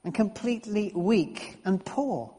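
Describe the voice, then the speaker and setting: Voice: mid-range voice, expressive, measured pace, dark tone, long reverb tail. A preacher giving a conversational sermon, often restarting and repeating words.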